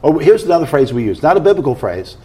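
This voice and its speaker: A man's voice: on the high side, sing-song, quick pace, dark tone, husky. A man teaching about prayer in conversation, explaining in an earnest way and often checking that he is followed.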